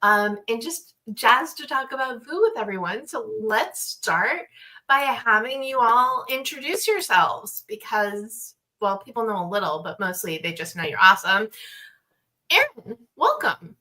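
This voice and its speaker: A woman's voice: on the high side, sing-song, a little slow, pushed and bright, poor audio. A woman hosting, upbeat and welcoming as she brings in her guests. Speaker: host. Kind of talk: casual chat.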